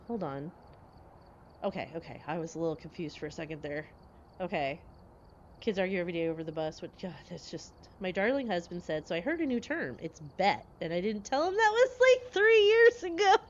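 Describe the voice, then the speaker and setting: A woman in her forties chatting casually with her live-stream viewers, lively and quick to laugh as she answers chat. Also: lowish voice, lo-fi sound, a little hiss or hum.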